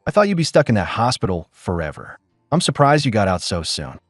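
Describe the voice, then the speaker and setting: A man's voice: fairly low pitch, sing-song, fairly quick, dry recording, studio quality, soft background music. A man voicing a cold, scornful young wife who talks with sneering contempt. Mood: mocking.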